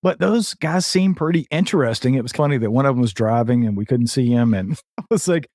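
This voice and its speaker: A man's voice: medium pitch, expressive, a little fast, darkish tone. Upbeat chatty male podcast host. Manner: upbeat, chatty, greets viewers in the chat. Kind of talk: casual live podcast chat.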